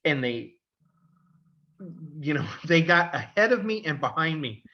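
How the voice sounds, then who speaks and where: A middle-aged man co-hosting a podcast, telling a long school story in an animated way and acting out the voices of the people in it. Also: fairly high pitch, measured pace, highs cut off. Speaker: podcast co-host, father. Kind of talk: casual storytelling.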